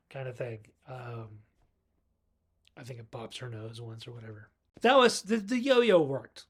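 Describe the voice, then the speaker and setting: A man's voice: mid-range voice, animated, unhurried, breathy edge. A man reviewing a film in a casual recap, chatting along and acting out the characters' lines as he goes. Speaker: movie reviewer.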